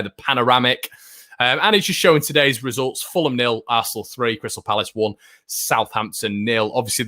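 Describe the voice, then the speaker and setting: A young man hosting a live football watchalong stream, chatting casually and reading out viewer comments with lots of fillers and restarts. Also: mid-range voice. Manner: chatty, filler-heavy, frequent restarts, excitable fan.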